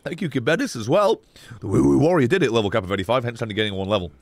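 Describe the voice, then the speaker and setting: A man, streaming a video game live, excitable and swearing, yelling at the game. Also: medium pitch, rapid-fire, vocal fry, heavy background noise. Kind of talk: live gameplay streaming chat.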